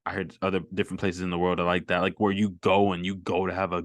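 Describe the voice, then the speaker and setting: A man hosting a casual movie chat, excitable, laughing often and repeating himself. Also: sits low, fast talker, no echo. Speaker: podcast host.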